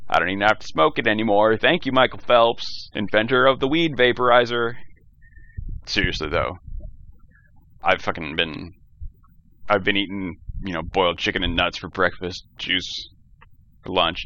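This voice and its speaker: The host of this solo podcast is a young man whose low-leaning voice sounds pushed and bright. His rant wanders, swears freely, and cracks jokes, all through the dull lo-fi audio of a cheap gaming headset.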